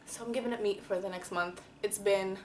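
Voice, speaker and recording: A woman's voice: medium pitch, steady tone, fairly quick, heavy background noise. A woman talking candidly and emotionally to camera in a casual, slangy personal vlog. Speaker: vlogger.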